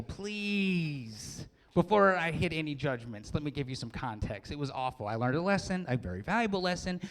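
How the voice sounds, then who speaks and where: A man in his forties giving a joking, self-deprecating wedding speech and laughing often. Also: on the high side. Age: 40s. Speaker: wedding speaker. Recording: long hall reverb.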